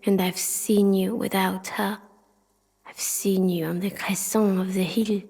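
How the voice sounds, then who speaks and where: A whispered role-play of a city spirit in a video game. The voice is an unvoiced, breathy whisper, slow and even, with hardly any rise or fall. A long, hall-like reverb trails each phrase. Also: female voice, mid-range voice. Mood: intimate. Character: the city itself, an ancient loving spirit.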